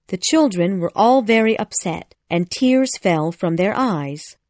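Slow, careful woman storybook narrator. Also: medium pitch, expressive, darkish tone, no room sound. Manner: slow, careful, clearly articulated. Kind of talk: graded reader audiobook narration.

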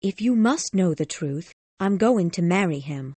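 Cold proud young lady put on by a guy reading a story, calm and flat-hearted, high and breathy. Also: a little slow, no echo, full character voice. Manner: calm, cool, detached.

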